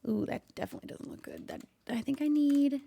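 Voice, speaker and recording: A woman streaming a game, chatting and playing along with an unseen visitor, easily startled and quick to gasp and laugh. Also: sits high, wildly swooping pitch, gravelly, mellow. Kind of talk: casual gameplay commentary with light role-play.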